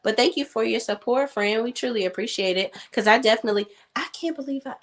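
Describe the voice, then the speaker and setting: A woman from Maryland hosting a casual live chat about a TV show, talking warmly to viewers and laughing often. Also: a little high, fast talker. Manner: chatty, laughs often, calls viewers "y'all". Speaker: show review host.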